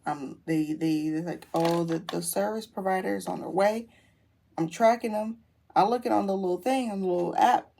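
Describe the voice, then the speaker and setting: A young adult woman telling a story casually while doing her makeup, animated and slangy, quoting people as she goes. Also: mid-range voice, normal speed, creaky. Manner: animated, slangy retelling with quoted voices. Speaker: beauty vlogger.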